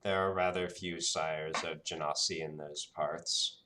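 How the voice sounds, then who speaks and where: Brief: man voicing a solemn golden dragon, low, soft, measured speech. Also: fairly even intonation, far from the mic, noisy background. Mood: formal. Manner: formal, measured, quiet.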